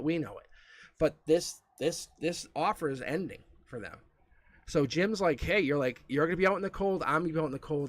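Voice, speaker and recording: A man's voice: on the high side, fairly bright tone. A man giving a live-streamed tarot reading, talking straight to the viewer in a chatty way and chuckling often. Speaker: tarot reader.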